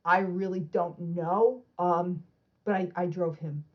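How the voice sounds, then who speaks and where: A woman guest on an interview podcast, telling animated anecdotes and acting out the voices of people in her stories. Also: on the low side, takes it slowly, lo-fi sound. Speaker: author and martial artist guest. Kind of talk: casual storytelling interview.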